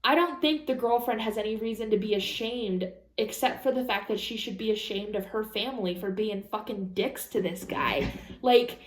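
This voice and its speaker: A woman vlogger reading an online story aloud and reacting to it in casual chat, blunt and freely swearing, with animated asides. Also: medium pitch, moderate pace. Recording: roomy echo.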